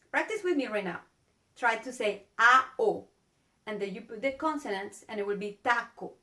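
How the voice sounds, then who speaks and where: A woman's voice: on the high side, animated, moderate pace, sharp tone. A woman whose first language is Spanish, teaching with a Spanish accent in a casual video lesson, earnest and drawing out her vowel sounds. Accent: Spanish-speaking.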